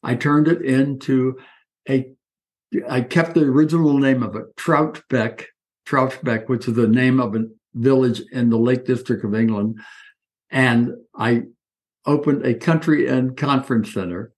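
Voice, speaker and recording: A man in his eighties telling anecdotes as an interview guest, lively and acting out the voices of people he quotes. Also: mid-range voice, a little slow. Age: 80s. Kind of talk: reminiscing storytelling.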